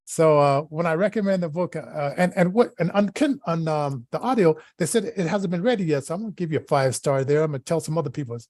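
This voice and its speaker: A man's voice: on the high side, fast, hardly any pauses, a little mellow, no echo, clean studio sound. A man co-hosting a talk show in a chatty, casual way, often stammering and restarting his sentences. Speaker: co-host.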